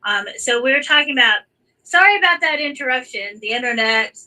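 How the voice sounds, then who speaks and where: An American woman hosting a live online chat, talking in a chatty, halting way with many restarts. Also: high-pitched, animated, pushed and bright, far from the mic, poor audio. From United States. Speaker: host.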